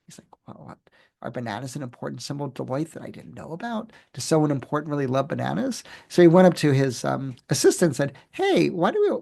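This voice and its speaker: Answering interview questions, a man who is a professor and author tells animated stories, leaning on fillers and frequent restarts. He talks fast in a slightly high, creaky voice.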